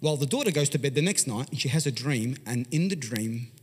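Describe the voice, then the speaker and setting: An Australian pastor telling a story in an animated, conversational sermon, swinging from loud to hushed. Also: male voice, medium pitch, fairly quick, slight background noise. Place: large church hall. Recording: long hall reverb.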